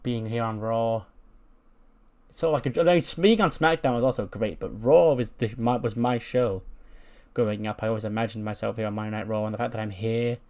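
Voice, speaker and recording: A man's voice: lowish voice, a little fast, darkish tone, close to an everyday voice. A man voicing an earnest young woman wrestling champion in a game recap, in his own plain voice.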